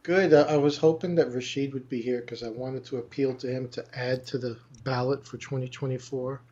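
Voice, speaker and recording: A man's voice: medium pitch, steady tone, brisk, warm tone. A man chatting casually on a livestream, playful and teasing. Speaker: panelist. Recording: dull lo-fi sound.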